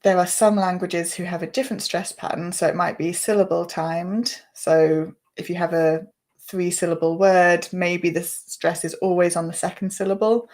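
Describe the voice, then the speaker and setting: A woman's voice: lowish voice, steady tone, moderate pace, darkish tone. Woman teacher explaining pronunciation patiently. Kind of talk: explanatory chat.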